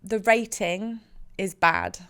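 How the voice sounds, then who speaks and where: A woman's voice: mid-range voice, takes it slowly, fairly bright tone, clear, resonant tone. A woman with a West Country accent, co-hosting a casual podcast chat, reading out facts with laughs and swearing. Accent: West Country English. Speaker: podcast co-host.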